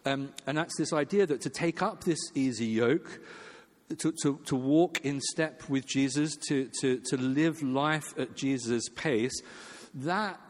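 A man's voice: measured pace, long reverb tail. A man preaching a sermon in a conversational way, with fillers and restarts, acting out quoted voices. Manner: acts out quoted voices with jumps in pitch.

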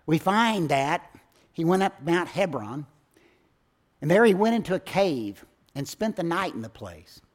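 Pastor guy preaching, kinda high voice, gets loud then drops way down quiet. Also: sing-song, measured pace. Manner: dramatic swings between loud emphasis and hushed low endings. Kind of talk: sermon.

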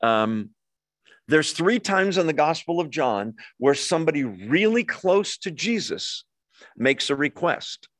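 A man's voice: mid-range voice, a bit bright, no echo. Man preaching a chatty sermon. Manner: conversational, asks the room questions. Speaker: pastor. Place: church hall with a live congregation.

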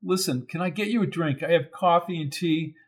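A man's voice: fairly high pitch, fairly quick, natural voice. A man voicing a frightened woman caught up in union corruption, earnest and worried, for an audiobook. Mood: weary.

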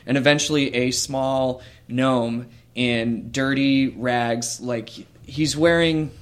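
A man narrating as game master of a tabletop role-playing game. He speaks slowly and breaks up his sentences with hesitations and fillers, at a mid pitch. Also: fairly even intonation. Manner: slow, hesitant, with many fillers.

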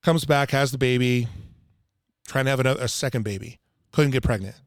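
Man, podcast guest, emphatic, repeats for effect, mid pitch, dead-dry sound. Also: fairly quick, no room sound. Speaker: water filtration installer, guest. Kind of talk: casual podcast chat. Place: Utah.

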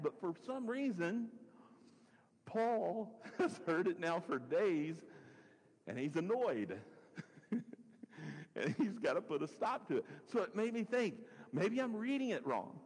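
A man's voice: high voice, sing-song, slow, slightly rough. A male pastor preaches a sermon and reads scripture in a conversational way, musing aloud with chuckling asides. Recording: long hall reverb.

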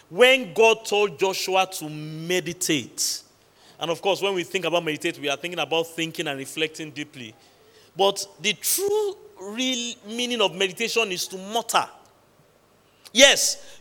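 A man preaching a midweek sermon, with emphatic pauses, quoting scripture and repeatedly questioning the congregation. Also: fairly high pitch, sharp tone. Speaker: pastor. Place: large church hall. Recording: long hall reverb.

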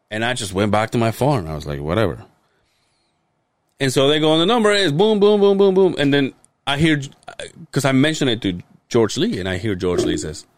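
A man's voice: medium pitch, no echo. Swearing, rambling podcast storyteller man. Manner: rambling storyteller, swears a lot, acts out quotes. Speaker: podcast co-host. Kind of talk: casual podcast chat.

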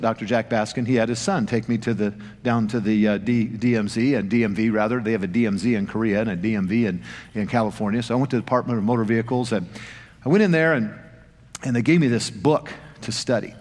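A man's voice: medium pitch, fairly even intonation, a little fast, a little mellow. A man preaching a sermon, telling anecdotes in a folksy storytelling manner with self-deprecating humor. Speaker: pastor. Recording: long reverb of a large hall.

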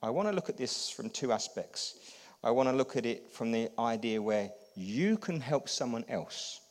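Preacher in a reverberant hall. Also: male voice, mid-range voice, normal speed. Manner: animated preaching, swings from hushed to loud; has the congregation repeat lines. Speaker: pastor. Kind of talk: sermon.

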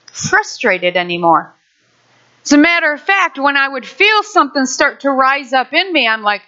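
A middle-aged woman telling a personal faith testimony, animated and acting out what people said. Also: sits high, highs cut off. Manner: animated storyteller, acts out quotes.

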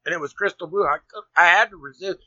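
A man telling a long story in casual conversation, rambling and animated, with many restarts. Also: sits high, quick pace, no echo. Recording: dull lo-fi sound.

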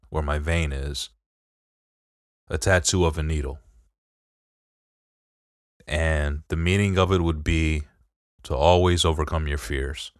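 A man's voice: low-pitched, dry recording, studio quality. A man with a Detroit accent co-hosting a podcast, talking candidly and poking fun at himself, often repeating his points. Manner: candid, self-mocking, given to repeating himself. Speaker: podcast co-host. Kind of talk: casual podcast chat.

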